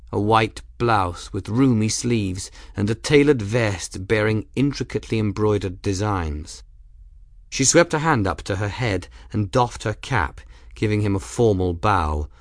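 Studio-quality audio of a man narrating an audiobook with an even, unhurried storytelling style. He has a fairly low voice, and there's no echo.

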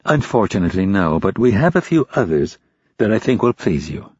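A man's voice: on the low side, big pitch swings, brisk, darkish tone, husky, no echo. Cool young female agent, as a man reads her. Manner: cool, probing, businesslike. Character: composed young female intelligence officer. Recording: dull, dry lo-fi recording.

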